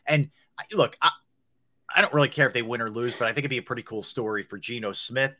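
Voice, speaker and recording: A man's voice: medium pitch, fast talker, bright, forceful tone. A man co-hosting a sports talk show, weighing his points thoughtfully with frequent restarts. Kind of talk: casual sports chat.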